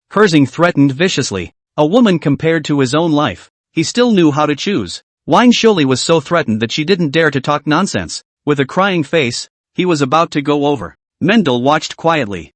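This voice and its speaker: A man's voice: fairly high pitch, big pitch swings, normal speed, hardly any pauses, dry recording. A man reading a comic story recap as a scripted narration.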